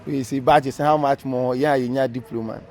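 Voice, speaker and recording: A man's voice: mid-range voice, fairly even intonation, normal speed, darkish tone. A Ghanaian man, a former referee, being interviewed, telling his story animatedly in a casual mix of English and Twi.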